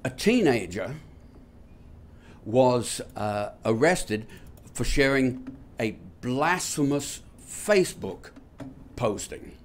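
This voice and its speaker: A man hosting a talk show, speaking to viewers in a halting, unscripted monologue full of fillers with wry, sardonic asides. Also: medium pitch, sing-song, slight background noise. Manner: halting, many fillers and restarts. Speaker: host of a nonbeliever talk show.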